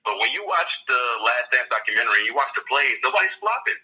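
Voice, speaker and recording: A man's voice: medium pitch, big pitch swings, fast, bright, forceful tone, rough recording. A man co-hosting a casual sports chat, griping easily with frequent laughter. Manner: easygoing, laughing while griping. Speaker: podcast co-host.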